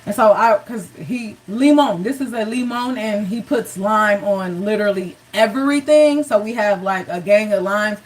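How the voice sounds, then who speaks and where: A woman's voice: mid-range voice, moderate pace, few pauses, far from the mic, low-quality recording. A woman hosting a live cooking show, chatty and encouraging, talking straight to her viewers.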